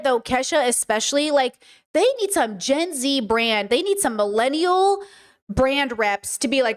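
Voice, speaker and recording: A young woman chats casually on a live stream, reacting to a music video. She laughs often and sounds openly incredulous. Her voice sits high. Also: expressive, measured pace. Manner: laughing, incredulous, sarcastic asides.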